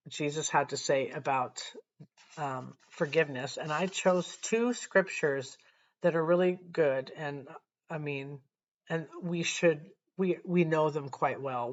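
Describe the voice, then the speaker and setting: A woman sharing a personal faith testimony to camera, earnest and reflective, often pausing and restarting her sentences. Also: low-pitched, muffled recording.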